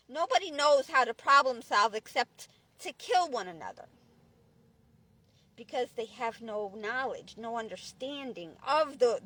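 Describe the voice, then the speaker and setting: High bright woman ranting angrily. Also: no echo. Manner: profane, preachy, repetitive restarts. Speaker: vlogger. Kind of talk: angry ranting monologue.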